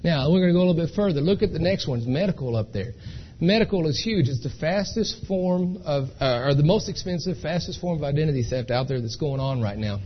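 High-voiced man telling stories. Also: animated, brisk, dull audio, slight background noise. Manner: chatty, storytelling, keeps asking "okay?". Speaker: speaker at an identity theft seminar. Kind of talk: folksy live presentation to an audience.

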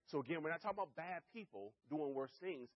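A middle-aged man giving a live sales presentation, energetic and constantly checking in with his listeners. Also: a little high, fast, muffled recording. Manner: energetic, keeps checking in with the audience. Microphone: handheld or stand mic.

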